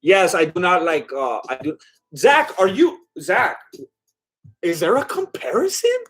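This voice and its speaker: A man's voice: high-pitched, sing-song, a little slow, fairly bright tone, slightly rough. A man hosting a casual live watch-along stream, reading viewer comments aloud while eating, chatty and a bit scattered, laughing often. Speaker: livestream host.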